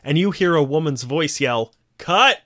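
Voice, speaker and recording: A man's voice: mid-range voice, moderate pace. A man co-hosting a casual podcast chat, retelling scenes at length and acting out the quoted lines. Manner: animated storyteller, acts out quoted lines. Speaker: podcast co-host.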